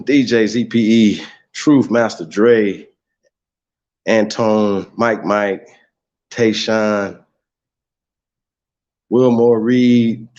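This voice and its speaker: Low-voiced man ranting casually, mocking tone. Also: dry recording, muffled recording. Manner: profane, mocking, laughs often. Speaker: host. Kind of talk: casual livestream rant.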